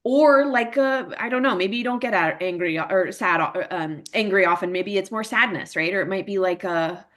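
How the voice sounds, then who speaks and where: A woman's voice: medium pitch, normal speed, few pauses, fairly bright tone. A woman presenting a parent workshop in a casual, chatty way, full of fillers and tag questions, who acts out emotions in her examples.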